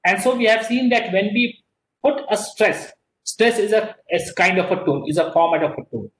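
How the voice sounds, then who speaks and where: A man's voice: sits high, moderate pace, a bit bright, echoey room, a little hiss or hum, poor audio. A man with an Indian accent giving a classroom lecture, repeating himself and often asking "okay?", switching between English and Hindi. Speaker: teacher.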